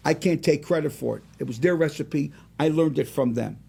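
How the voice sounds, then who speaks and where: A man around seventy, a singer and restaurant owner, telling rambling, animated stories as a guest in a casual interview. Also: fairly high pitch, a little fast, vocal fry, husky. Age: about 70.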